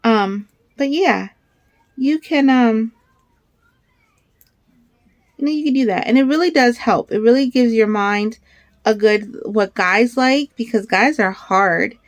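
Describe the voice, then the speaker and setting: A woman in her thirties chatting casually in a crafting vlog, rambling and excitable, with bursts of animated storytelling. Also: on the high side, takes it slowly, long pauses, no echo. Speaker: crafter vlogger.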